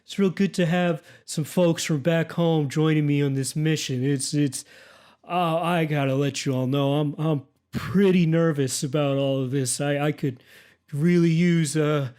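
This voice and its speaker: A stout, nervous, easygoing man in loud red clothes, voiced by a man running a tabletop game. He stammers and drawls, pitched a little high. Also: fairly even intonation, measured pace, clean tone, natural voice.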